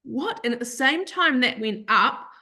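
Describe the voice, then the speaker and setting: A woman guest on a podcast, telling an emotional personal story in an animated, earnest way and acting out what other people said. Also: fairly high pitch, moderate pace. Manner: earnest, open about grief.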